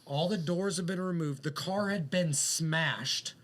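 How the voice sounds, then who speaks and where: A man's voice: on the high side, a little slow, a bit bright. A man on a podcast telling a long story in casual chat, rambling and profane, with lots of fillers. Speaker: podcast co-host.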